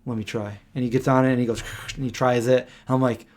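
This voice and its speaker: A man's voice: mid-range voice, level tone, quick pace, darkish tone. Rambling man on a late-night stream. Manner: rambling, searching for names, hums tunes. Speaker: host of a live stream. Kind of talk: casual chat. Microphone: desk microphone.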